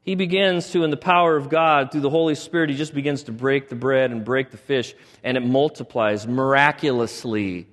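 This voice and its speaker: A man preaching a sermon, retelling a story with animated delivery and acting out quoted lines. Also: mid-range voice, moderate pace, hardly any pauses, long reverb tail. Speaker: pastor.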